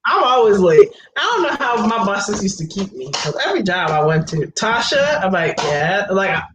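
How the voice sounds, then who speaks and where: A woman co-hosting a casual livestream chat, acting out quotes with expressive delivery and laughing while she talks. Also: medium pitch, brisk, echoey room, background noise. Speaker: livestream co-host.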